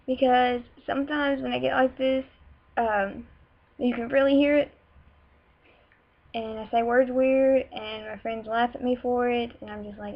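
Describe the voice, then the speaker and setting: A teenage girl with a Southern accent, rambling casually to a webcam with lots of fillers and quick irritated asides. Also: a little high, steady tone. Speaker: vlogger. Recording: muffled webcam audio with music behind.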